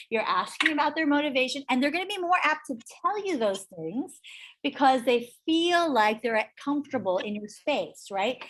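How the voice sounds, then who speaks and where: A middle-aged woman leading a real estate sales training, chatty and energetic, telling stories to the room. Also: sits high. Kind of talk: training workshop talk.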